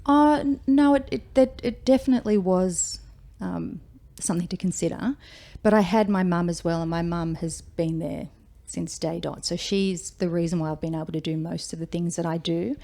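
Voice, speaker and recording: A female firefighter in her forties, speaking with an Australian accent, chats through her story as an interview guest and acts out what people said. Her lowish, warm voice has vocal fry and moves at a moderate pace with hardly any pauses.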